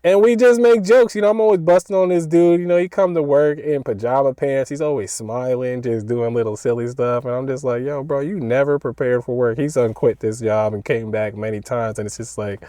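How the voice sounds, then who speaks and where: A relaxed man tells a rambling work story in a slangy, chuckling way and keeps saying "bro." His voice is warm and mellow at a middling pitch. It is recorded close and dry, with no room sound. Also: brisk, few pauses, no echo. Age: adult, older than his young coworker. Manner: laid-back and slangy, chuckling often, with frequent "bro" and "you know". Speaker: vlogger telling a work story. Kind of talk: casual storytelling monologue.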